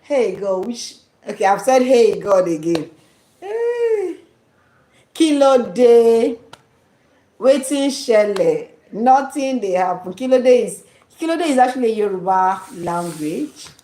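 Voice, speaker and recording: A woman's voice: medium pitch, animated, moderate pace, warm tone, reverberant, rough recording. A Nigerian woman vlogger chatting casually, laughing often and dropping into Pidgin slang. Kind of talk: casual chat.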